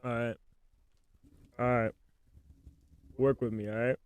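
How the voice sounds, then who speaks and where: A man's voice: medium pitch, level tone, slow pace, clear, resonant tone. A man hosting a casual solo podcast, talking in slangy, joking, playful bursts as he spins an improvised spooky story into his microphone. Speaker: podcast host.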